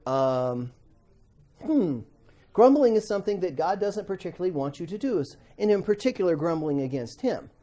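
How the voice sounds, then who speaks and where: A man teaching a Bible class to students, animated, acting out quotes and asking the class questions. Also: sits high, moderate pace.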